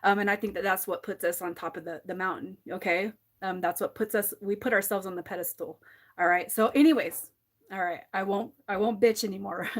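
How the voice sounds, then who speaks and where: Woman, tarot reader on a livestream, teary, candid, swears, lots of restarts, mid pitch. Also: steady tone, brisk. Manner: candid, swears freely, many restarts and fillers. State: teary, close to crying. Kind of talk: emotional live tarot reading.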